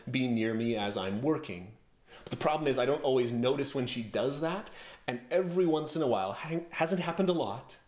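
Pastor, male, mid-pitched voice, conversational sermon delivery, roomy echo. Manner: conversational storytelling preaching. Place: home office.

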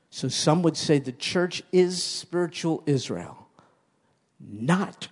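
A man's voice: a little high, animated, takes it slowly, breathy edge. A man preaching a sermon as pastor, emphatic and repeating key phrases for stress.

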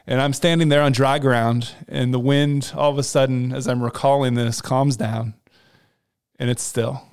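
Earnest man with a smooth voice. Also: mid-range voice, little pitch movement, moderate pace, a little mellow. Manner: earnest storytelling with repeated restarts. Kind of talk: casual faith conversation.

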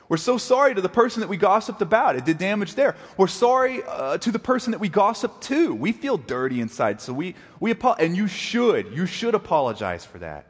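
A man preaching a sermon as pastor, animated, acting out quoted apologies and arguments. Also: high voice, a little fast, few pauses, breathy edge. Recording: long reverb of a large hall.

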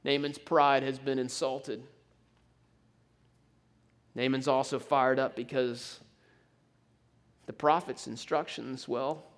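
A man preaching a sermon, telling the story in an animated way with frequent stammered restarts. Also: medium pitch.

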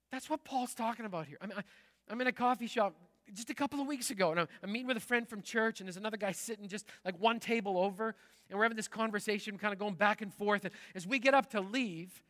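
Bright high-voiced pastor preaching in hall. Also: male voice. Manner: conversational storytelling, lively and animated. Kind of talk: sermon. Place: large church sanctuary.

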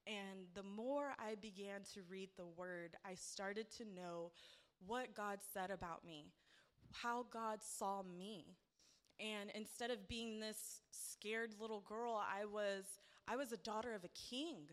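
A woman's voice: medium pitch, steady tone, slow. Earnest woman giving church testimony. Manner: earnest, heartfelt, rising to emphatic praise.

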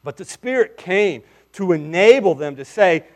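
Man, pastor, high-pitched, preaching a sermon, emphatic, hushed to forceful. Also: lively intonation, moderate pace. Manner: emphatic preaching, swings between hushed asides and forceful declarations.

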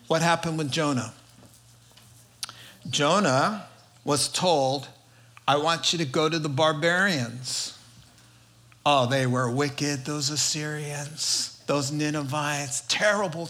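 A man preaches a sermon in a fairly high, bright and forceful voice. He tells a story with heavy emphasis and builds his points through repeated rhetorical lists.

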